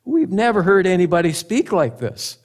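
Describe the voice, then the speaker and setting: A man acting out excited temple guards who are amazed and enthusiastic. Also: high-pitched, normal speed, pitched above the performer's own voice. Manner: enthusiastic, impressed.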